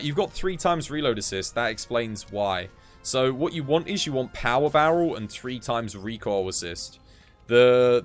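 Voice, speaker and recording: A tired man, chatting casually while live-streaming a game and giving gear advice. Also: fairly low pitch. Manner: chatty, laid-back, gives gear advice.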